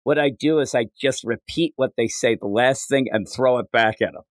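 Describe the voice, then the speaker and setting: A man's voice: mid-range voice, moderate pace, no room sound, clean studio sound. A man hosting a comics podcast, riffing jokily and putting on silly voices. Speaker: podcast host. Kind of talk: casual comedic chat.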